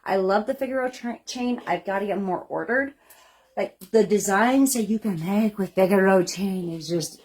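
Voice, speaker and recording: A woman's voice: moderate pace, a little mellow. Gushing woman showing off her handmade jewelry. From United States. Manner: gushing, exclamatory, lots of "honey" and "like"; sudden high squeals and gasps. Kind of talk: excited product showcase. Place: small home jewelry shop.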